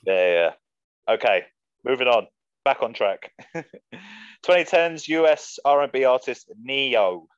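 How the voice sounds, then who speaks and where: A man's voice: medium pitch, measured pace, long pauses, clean tone. Giggly man hosting a lo-fi podcast. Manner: giggly, laughs often, relaxed rambling. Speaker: podcast host. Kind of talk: casual podcast chat. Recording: dull, dry lo-fi sound.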